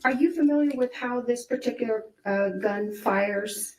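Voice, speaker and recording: A woman's voice: on the high side, normal speed, a little mellow, a little hiss or hum. A woman attorney questioning a witness, asking probing questions with hesitant fillers. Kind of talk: courtroom questioning. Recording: roomy courtroom audio, distant mic.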